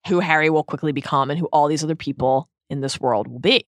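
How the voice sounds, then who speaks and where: A woman's voice: low voice, fast talker, no echo, clean studio sound. A woman co-hosting a podcast, talking eagerly about a book in a casual discussion and laughing often. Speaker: podcast co-host.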